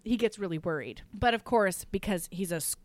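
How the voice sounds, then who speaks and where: Profane animated woman recapping a novel. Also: mid-range voice, no echo. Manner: animated, profane, acts out characters in quick asides. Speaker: podcast co-host recapping a romance novel. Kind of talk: casual chat.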